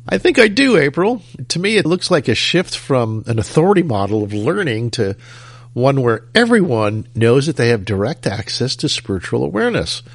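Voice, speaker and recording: A man's voice: medium pitch, dry recording. A man hosting a talk show, chatting easily with a co-host and introducing clips. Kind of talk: casual co-hosted show talk.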